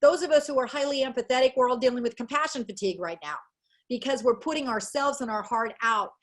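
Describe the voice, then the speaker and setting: A woman's voice: high-pitched, fast talker. A woman psychologist giving an earnest, emotional webinar talk over a video call, acting out the people in her stories. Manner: earnest, emotional, acts out quotes. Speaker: guest speaker, educational psychologist.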